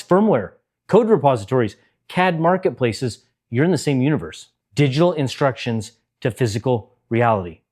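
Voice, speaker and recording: A middle-aged man talks straight to his audience in an earnest, careful commentary. His voice sits at an ordinary pitch for a man. He measures each point and sounds a steady note of warning. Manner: earnest, deliberate, cautionary. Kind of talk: direct-to-camera commentary.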